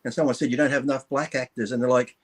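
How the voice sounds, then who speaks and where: A man's voice: medium pitch, steady tone, rapid-fire. Rambling, cursing male co-host. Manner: rambling, swearing freely. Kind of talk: casual chat.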